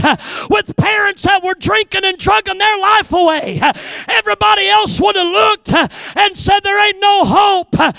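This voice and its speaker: A hoarse male preacher shouts his sermon in a very high, gravelly voice. He drives each phrase slowly with call-and-response urging, sounding sharp and tense. The recording is dry and close. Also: dry recording. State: hoarse from a recent respiratory infection.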